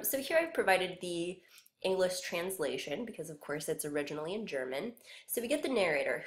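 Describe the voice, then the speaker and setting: A woman teaching a music lesson in a patient, explanatory way. Her voice sits a little low for a woman. The recording carries a noticeable roomy echo. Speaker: music instructor. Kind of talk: recorded classroom lecture.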